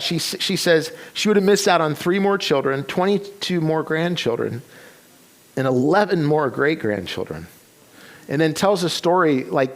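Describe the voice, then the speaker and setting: In a church sanctuary, a pastor with a gravelly, medium-pitched voice preaches a sermon. He retells a story, restarting often and slipping into quoted voices.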